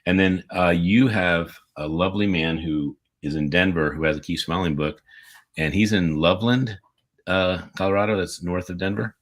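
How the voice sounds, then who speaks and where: A man co-hosting a casual livestream over a video call, reading out birthday shout-outs in an enthusiastic, rambling way. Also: low-pitched, fairly even intonation, moderate pace. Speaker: podcast co-host.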